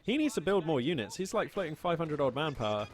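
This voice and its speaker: A man casting a strategy game match with chatty, playful play-by-play and quick excited reactions. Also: on the high side. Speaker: video game caster. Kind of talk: live play-by-play game commentary. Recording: loud game gunfire and vehicles behind.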